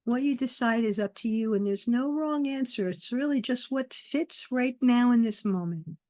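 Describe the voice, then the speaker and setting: A woman teaching a meditation class over a video call, guiding the group with soft, soothing phrases and pauses. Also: fairly high pitch, no echo, clean studio sound.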